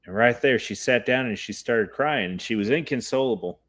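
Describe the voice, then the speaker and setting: A man's voice: medium pitch, a little fast, a bit bright. A man hosting a casual podcast chat, telling stories and explaining in a searching, hesitant way. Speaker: podcast host.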